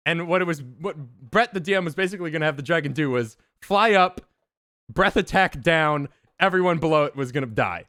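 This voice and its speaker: A man streamer excitedly telling a tabletop game story to his chat, swearing and laughing often. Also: fairly high pitch, a little fast, no room sound, studio quality.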